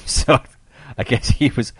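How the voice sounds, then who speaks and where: A man's voice: takes it slowly, dry recording. A man co-hosting a casual horror film podcast, retelling scenes with animation and acting out the characters' lines. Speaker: podcast co-host.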